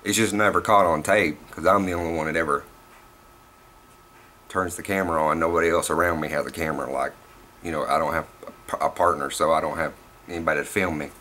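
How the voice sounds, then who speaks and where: A man's voice: rumbling low, steady tone, fast talker, bright, forceful tone, slight background noise. Profane rambling Southern man vlogger. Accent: Southern US, Tennessee. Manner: rambling and profane, laughs at himself. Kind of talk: casual vlog rant.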